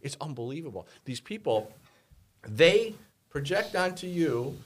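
Animated man telling a story. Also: a little high, unhurried. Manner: animated storytelling, acts out quotes. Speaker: podcast co-host. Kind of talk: casual chat.

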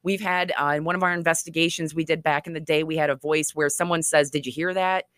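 Low-voiced woman telling ghost stories. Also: fast talker, no echo, studio quality. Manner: animated, chatty, laughs often. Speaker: author and guest. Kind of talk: conversational storytelling interview.

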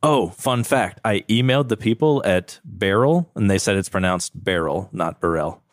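A deep-voiced man co-hosts a laid-back podcast, joking while he sips and rates whiskey. His voice sits low, and the sound is dry and close to the mic. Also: normal speed, no room sound. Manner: relaxed, joking, rating whiskey aloud. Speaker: podcast co-host. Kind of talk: casual chat.

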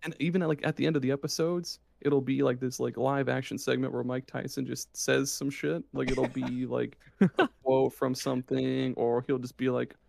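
Gravelly, excitable podcast dude. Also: male voice, medium pitch, normal speed, no echo. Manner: excited, swears freely, says dude. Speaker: podcast co-host. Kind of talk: casual chat.

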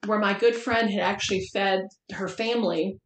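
A woman of middle pitch tells frank stories in a relaxed chat, laughing as she goes. Her voice carries a roomy echo. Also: moderate pace, slight background noise. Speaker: podcast host. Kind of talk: casual chat. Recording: roomy echoey room.

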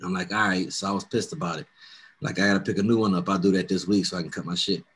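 A young man hosting a casual chat, telling a profane story and loudly acting out what everyone said. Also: deep voice, fast, breathy edge. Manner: profane, animated storyteller, acts out quotes loudly.

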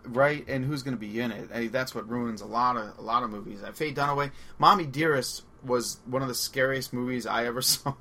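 A man with a Long Island accent, co-hosting a casual movie podcast, excitable and rambling, laughing often. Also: medium pitch, a little fast, hardly any pauses. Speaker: podcast co-host.

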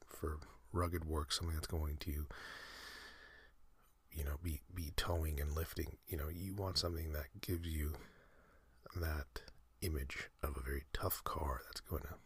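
A man hosting a sleep podcast, talking in a soft breathy whisper, slow and meandering with many fillers. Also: rumbling low, fairly even intonation, dry recording. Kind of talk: rambling whispered sleep talk.

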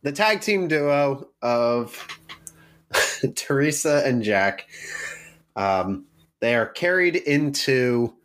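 A man's voice: medium pitch, expressive, drawn-out words, long pauses, fairly bright tone. A man co-hosting a podcast, recapping a film plot in a rambling, self-correcting way. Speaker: podcast co-host.

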